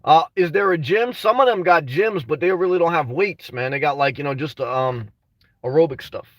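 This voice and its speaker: Casual livestreamer, male, high-pitched, rambling and frustrated, dry sound from a distance from the mic. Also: normal speed, dry recording. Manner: rambling, frustrated, full of "man" and restarts. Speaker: vlogger reading live chat.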